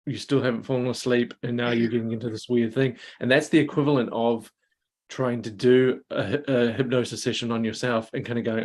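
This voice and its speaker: A man's voice: medium pitch, steady tone, fairly quick, darkish tone. A man joining a group discussion, thinking aloud with many hesitations and restarts. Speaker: participant. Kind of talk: casual discussion.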